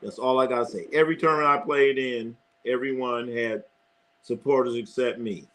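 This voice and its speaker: A middle-aged man runs a live sports stream, rambling, cursing, repeating phrases and laughing a lot while reading chat. His voice is medium-pitched and a bit bright, with fairly even intonation, moderate pace and slight background noise.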